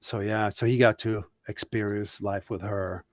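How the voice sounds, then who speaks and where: A man's voice: on the low side, fairly even intonation, a little slow, dry recording, lo-fi sound. A man from Puerto Rico, a guest cartoonist, telling reflective, heartfelt stories in a casual podcast chat.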